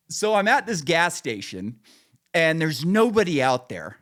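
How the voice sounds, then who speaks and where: A man co-hosting a podcast in casual chat, telling a story with lots of swearing and acting out the voices of the people in it. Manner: profane, animated storytelling; acts out quoted voices, pitching up. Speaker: podcast co-host.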